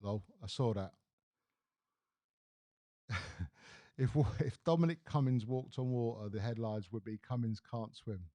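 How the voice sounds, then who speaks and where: On a live stream, a man with a medium-pitched voice rants about the news, speaking a little slowly with long pauses. He's blunt and animated, swearing freely throughout this casual opinion rant.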